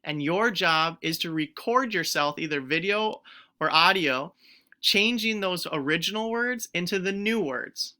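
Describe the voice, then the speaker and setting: A woman teacher giving a recorded phonics lesson to young pupils, stretching out each word sound clearly and encouraging the children to join in. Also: on the low side, animated, a little slow, sharp tone. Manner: encouraging, speaks directly to children.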